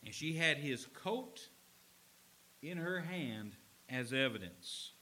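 Male pastor, sermon delivery, slow and deliberate, lively pitch that swoops up and down. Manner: expressive, emphatic, dramatizes scenes. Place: church with a slide screen.

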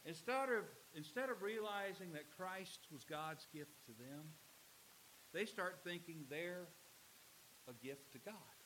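Pastor, male, sermon delivery: bright, higher-pitched preaching voice, storytelling that rises to emphatic calls, faint hiss on the recording. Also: rough recording.

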